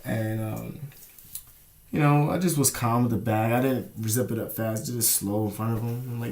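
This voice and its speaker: A man's voice: medium pitch, a little fast. A young man telling a rambling, profane story in a casual vlog, often asking "you know what I'm saying". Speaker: vlogger.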